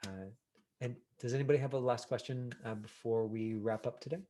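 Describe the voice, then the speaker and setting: A middle-aged man teaching an online acting class over a video call, talking casually with lots of fillers and lively examples. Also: mid-range voice, a little fast. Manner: casual, animated, many fillers.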